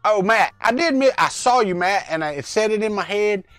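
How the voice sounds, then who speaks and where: High-voiced chatty man on a livestream. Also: expressive, brisk, fairly bright tone, no room sound, soft background music. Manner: rambling, chatty, greets viewers by name. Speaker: livestream host. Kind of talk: casual live-chat vlog. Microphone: lavalier mic.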